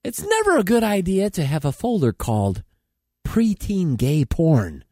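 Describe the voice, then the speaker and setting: A man's voice: sits high, huge pitch swings, measured pace, a little mellow, no echo, clean studio sound. A man reading joke news stories in a mock-serious way, often breaking into laughter. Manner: laughs through his own lines, mock-serious. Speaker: comic news reader.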